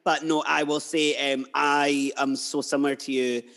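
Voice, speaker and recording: A man's voice: fairly high pitch, level tone, moderate pace, a bit bright, soft background music. A man hosting a podcast interview, chatty and emotional, drifting into personal stories. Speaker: podcast host. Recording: long hall reverb.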